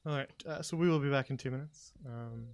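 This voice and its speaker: A man running a tabletop game, narrating in a relaxed way with many fillers. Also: medium pitch, fairly quick. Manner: relaxed, filler-heavy, chuckling. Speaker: game master.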